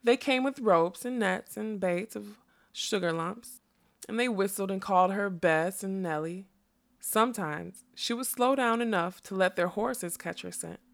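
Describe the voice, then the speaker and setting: A woman narrating a fantasy story aloud in a soft, measured reading voice. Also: mid-range voice. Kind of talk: audiobook narration.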